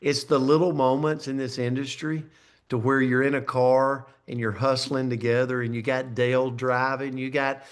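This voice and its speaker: A man's voice: medium pitch, level tone, normal speed. A man leading a company video call, effusively congratulating a team member and hyping up the audience. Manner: enthusiastic, effusive, hype-building. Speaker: network marketing company leader.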